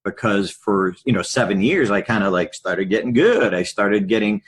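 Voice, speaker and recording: A middle-aged man with a low, husky voice, a podcast guest spinning lively, candid anecdotes. He tells his stories like a seasoned public speaker, open and earnest. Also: normal speed. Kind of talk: storytelling in a podcast interview.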